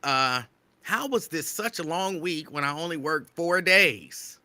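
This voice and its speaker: Radio host, male, excitable near-yelling delivery, very bright voice, dry close mic. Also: on the high side, measured pace, no echo. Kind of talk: live show shout-outs to listeners.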